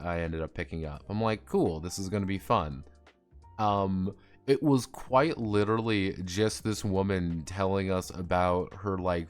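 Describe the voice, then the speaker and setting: A man's voice: deep voice, smooth. A male streamer in a casual, rambling, sarcastic rant, swearing often and trailing off with fillers.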